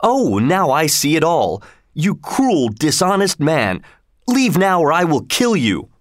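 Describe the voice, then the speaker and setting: A man's voice: on the low side, a little slow, dry recording, clean studio sound, close to an everyday voice. A man reading the lines of an earnest returning soldier, raising his voice with emphasis. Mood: indignant. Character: Miles Hendon, loyal soldier returning home, earnest.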